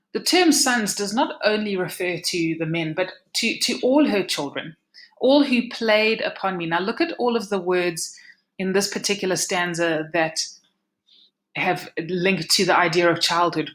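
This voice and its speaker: A woman's voice: lowish voice, fairly bright tone, poor audio. A woman from South Africa giving a recorded lesson on a poem, explaining steadily and often restarting or repeating words mid-sentence. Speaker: literature teacher. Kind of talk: recorded lecture.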